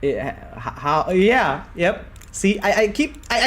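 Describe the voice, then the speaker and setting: Lively man with a German accent. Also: sits high, slow pace. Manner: animated, laughs often, reads chat aloud and answers it. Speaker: game streamer. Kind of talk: live gameplay commentary, chatting with viewers.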